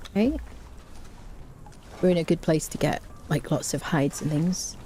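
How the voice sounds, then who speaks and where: A woman's voice: low voice, expressive, measured pace, mellow, slight background noise. A woman chatting casually on a live game stream, reading out chat and humming to herself.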